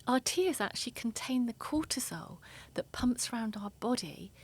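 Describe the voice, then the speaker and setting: Breathy woman therapist explaining softly. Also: fairly high pitch, animated, moderate pace. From England. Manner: soft, breathy, earnest explaining. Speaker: therapist guest. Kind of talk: explanatory interview talk.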